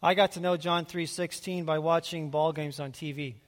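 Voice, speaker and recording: Guy preaching, chatty and halting, kinda high voice, big echoey hall. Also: steady tone. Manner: conversational, halting with restarts. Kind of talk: sermon with personal testimony. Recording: hall reverb.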